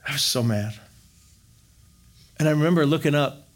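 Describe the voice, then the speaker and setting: A middle-aged man from Wisconsin telling his faith story in an animated, jokey storytelling manner. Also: on the high side, moderate pace. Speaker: speaker sharing testimony. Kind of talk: storytelling testimony talk.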